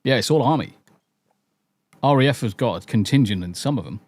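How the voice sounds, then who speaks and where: A man's voice: mid-range voice, lively intonation, a little fast, darkish tone, husky, no room sound. Chatty English man with mixed accent. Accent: mixed English, part Southern, Northern, Midlands and Essex. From English Midlands. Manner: chatty, swears casually, repeats phrases. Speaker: podcast host. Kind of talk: casual podcast chat.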